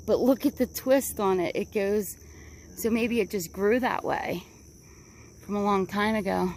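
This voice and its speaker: A woman chats her way down a wooded trail, rambling and excitable and slightly out of breath. Her voice carries a gravelly edge, and crickets sit faintly behind her. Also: mid-range voice, measured pace. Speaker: vlogger. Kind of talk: casual walking vlog narration. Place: wooded park trail outdoors. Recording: outdoor recording, crickets and faint background noise.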